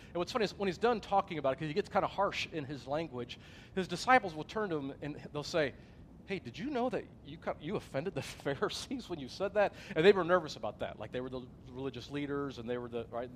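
A man preaching a sermon, swinging from loud emphasis to hushed softness and telling stories with acted quotes. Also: mid-range voice, a little hiss or hum. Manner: storytelling with acted quotes and a joke. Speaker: pastor.

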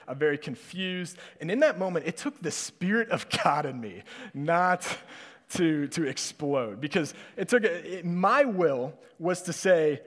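A man's voice: high-pitched, moderate pace. A young man giving a sermon as a conversational personal story, laughing often and using many fillers. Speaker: preacher. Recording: long hall reverb.

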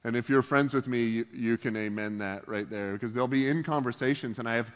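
A man's voice: medium pitch, fast. A male pastor giving a casual sermon, full of joking, self-deprecating asides. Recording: long hall reverb.

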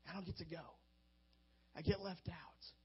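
A man's voice: fairly high pitch, expressive, unhurried, slightly rough, full character voice. A man voicing a blind male beggar who pleads from the roadside in a straining, rising voice, on a dull lo-fi recording. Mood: pleading.

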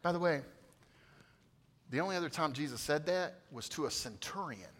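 A man preaching a sermon to his congregation, swinging from loud emphatic peaks to quiet hushed asides and coaxing responses from the room. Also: fairly high pitch, expressive, normal speed. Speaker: pastor.

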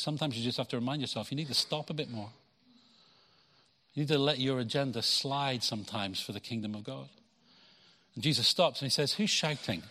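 A man's voice: mid-range voice, sharp tone. A pastor preaching a conversational sermon, acting out quoted lines and repeating words as he goes. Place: church hall. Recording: long hall reverb.

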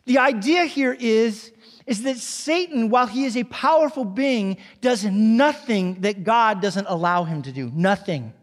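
High-voiced pastor preaching in a reverberant hall. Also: male voice, measured pace. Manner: animated storytelling, acts out quoted voices, drops to a hushed near-whisper. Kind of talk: sermon.

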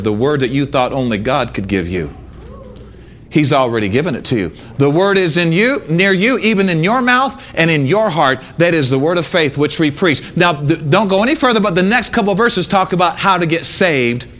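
A man preaching a sermon in church, emphatic and repetitive, now and then breaking into shouts. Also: high voice. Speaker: pastor. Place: church sanctuary.

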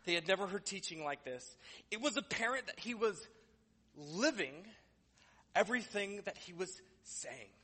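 A man's voice: high voice, expressive, normal speed, pushed and bright, long reverb tail. A man preaching a sermon as pastor in a church, conversational and joking, building to emphatic declarations. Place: church sanctuary.

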